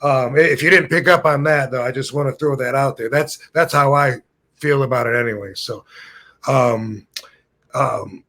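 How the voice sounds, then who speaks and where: A man in his fifties hosting a podcast speaks in a mid-range voice with a bright, forceful tone at a moderate pace. His long story wanders casually; he often loses the thread and laughs at his own tales.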